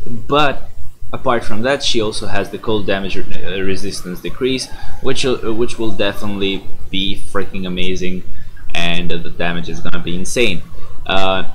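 A young man talks through a game in a sleepy, rambling way and stumbles over his words. His voice sits low. A faint hiss runs under the recording. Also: steady tone, normal speed, fairly bright tone, rough recording. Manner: rambling, many "uh" fillers and self-corrections. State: sleepy, yawning. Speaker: gaming YouTuber. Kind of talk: casual game commentary.

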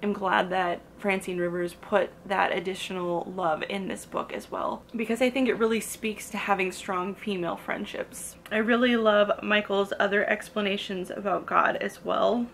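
A woman's voice: mid-range voice, steady tone, moderate pace, gravelly, few pauses, fairly bright tone, slight background noise. A young woman vlogging about a book she loves, reading passages aloud and gushing emotionally between them.

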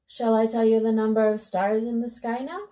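A woman voicing a polite, frightened young girl who pleads gently, read aloud from a storybook. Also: on the high side, fairly even intonation, normal speed, close to an everyday voice. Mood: pleading.

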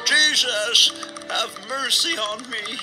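A man voicing characters in an animated Bible story, pleading and commanding in turn. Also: very high-pitched, takes it slowly. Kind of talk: cartoon story dialogue. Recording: cartoon audio with music behind.

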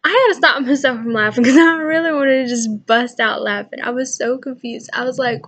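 A woman's voice: high-pitched, brisk, hardly any pauses, fairly bright tone, lo-fi sound. A young woman chatting casually on her own vlog, rambling through funny stories about kids and laughing as she goes. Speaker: channel owner.

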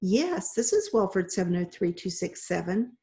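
A woman's voice: mid-range voice, very animated, normal speed, warm tone. A woman reading aloud, voicing an eager, determined young girl in a children's storybook.

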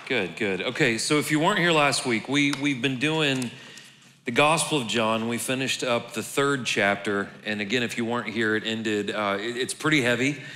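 A man's voice: mid-range voice, moderate pace, bright, forceful tone, a little hiss or hum. A man preaching a casual, conversational sermon, joking and restarting words as he goes. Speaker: pastor. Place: large church hall. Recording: long reverb in a church hall, faint ambience.

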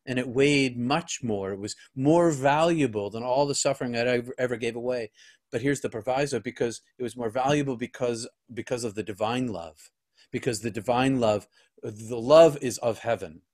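A man, a guest on an interview show, telling a personal story in an earnest, halting way with frequent restarts. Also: mid-range voice, darkish tone.

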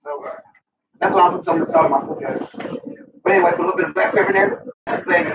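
A middle-aged man with a Southern US accent talks viewers through a home cooking demonstration in a loose, chatty way, dropping curses as he goes. His voice sits high and carries a gravelly edge. He sounds distant and roomy, on a dull mic with faint noise behind him. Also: steady tone, very fast, pauses often. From American South. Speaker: cooking vlogger. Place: home kitchen.

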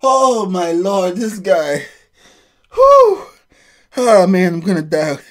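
A woman's voice: fairly low pitch, expressive, unhurried. A woman hosting a reaction video, talking casually between fits of amused, breathless exclamations.

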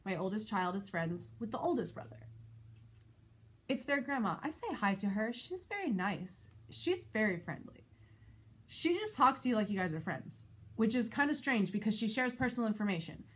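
A woman vlogger and mother telling a personal story in a casual, animated, exasperated way. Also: normal speed, slightly rough. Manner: animated, exasperated retelling with shifting pitch. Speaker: parent of school-age kids.

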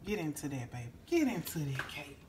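A woman's voice: deep voice, big pitch swings, a little fast, a little hiss or hum. A woman hosting a home cooking vlog in her kitchen, folksy and exclaiming, calling her viewers honey and baby. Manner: exclaims and hums over the food. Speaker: cooking show host.

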